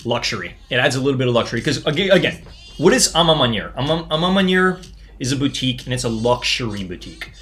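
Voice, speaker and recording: Excitable man hosting a sneaker livestream. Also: mid-range voice, fast. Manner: excitable, chatty, frequent restarts and stammers. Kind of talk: casual live unboxing commentary.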